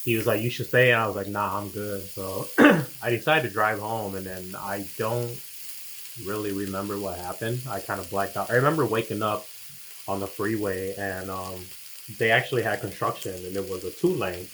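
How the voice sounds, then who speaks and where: Co-hosting a couple's chat, a man casually tells a personal story, laid back and slangy, acting out what he and others said. His voice is lowish, steady and fairly bright at a moderate pace, on a rough recording with slight background noise.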